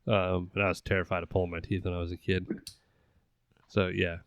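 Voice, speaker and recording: A man's voice: low voice, level tone, a little fast, muffled recording. A man in his thirties co-hosting a podcast, laid-back with short replies. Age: 30s. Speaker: co-host. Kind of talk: casual podcast chat.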